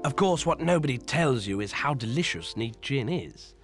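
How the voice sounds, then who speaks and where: Guy doing a vain old director, pompous and deadpan, mid pitch, faint music under it. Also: moderate pace, lightly acted. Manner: pompous, deadpan mock-documentary interviewee. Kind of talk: mock-documentary interview.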